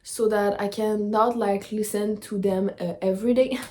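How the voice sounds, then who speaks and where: Young woman chatting in a halting, apologetic way. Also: medium pitch, steady tone, dark tone. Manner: halting, searching for words, apologetic. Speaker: reaction video host. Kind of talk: emotional reaction vlog chat.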